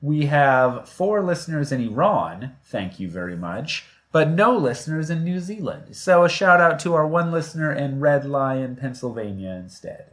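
A man's voice: a little high, big pitch swings, moderate pace, hardly any pauses, fairly bright tone. Man joking on a podcast. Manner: joking, sarcastic. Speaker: podcast co-host. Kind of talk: casual chat.

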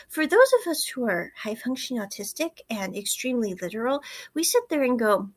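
A woman's voice: a little high, big pitch swings, brisk. A woman giving a casual, digressive spoken review of a drama, retelling scenes by quoting the characters. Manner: chatty, digressive, retells scenes in quoted dialogue. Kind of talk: casual commentary recapping a drama.

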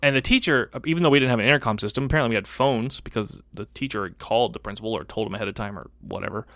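A middle-aged man on a podcast, telling a childhood story in a casual, animated, profane way and acting out the other people's lines. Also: on the low side, rapid-fire, no room sound, clean studio sound. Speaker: podcast co-host.

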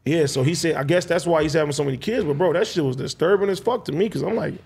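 A man's voice: on the high side, quick pace, darkish tone, a little hiss or hum. A man telling a long personal story in casual, slang-heavy, swearing chat.

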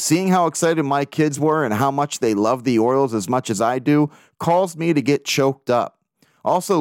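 Excitable man hosting a sports podcast. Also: mid-range voice, no echo, studio quality. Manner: excitable, swears casually, reads listener emails aloud. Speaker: podcast host. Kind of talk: casual podcast monologue.

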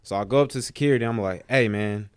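A man co-hosting a podcast, telling a story casually and animatedly, putting on high voices to mimic others. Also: quick pace, smooth, dry recording, studio quality. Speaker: podcast co-host.

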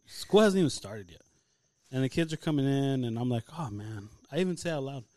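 A man co-hosting a podcast, telling profane stories in animated casual chat from a studio. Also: medium pitch, quick pace, no echo. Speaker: podcast co-host.

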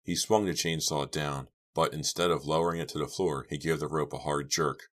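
A man narrating a horror novel audiobook in a measured, steady reading. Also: rumbling low. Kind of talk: scripted narration.

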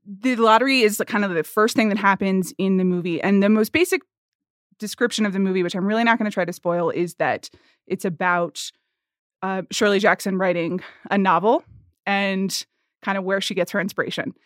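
A woman's voice: medium pitch, fairly even intonation, dry recording, clean studio sound. Chatty woman co-hosting a film podcast. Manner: chatty, halting, with many restarts. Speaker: podcast co-host. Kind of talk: casual film-talk podcast chat. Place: at a film festival.

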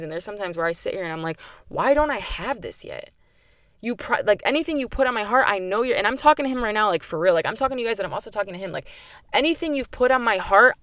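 A young woman with a slightly low voice talks straight into a close mic. She is candid, chatty and emphatic, leaning on "like" as she goes. The sound is dry, with no room around her. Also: dry recording. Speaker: podcast host. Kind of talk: personal faith podcast monologue.

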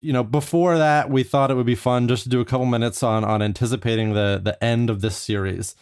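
A man's voice: mid-range voice, fairly even intonation, brisk, a little mellow, smooth, dry recording. A man hosting a podcast, a licensed therapist, in easygoing and upbeat casual chat.

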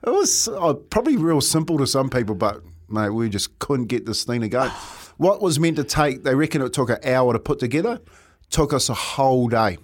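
A man co-hosting a radio show in relaxed, slangy banter, often chuckling. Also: medium pitch, fairly quick. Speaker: radio co-host. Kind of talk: casual banter.

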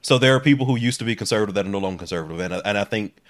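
A man co-hosting a podcast, talking politics in a casual, animated way with quick bursts and some swearing. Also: fairly low pitch. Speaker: podcast co-host.

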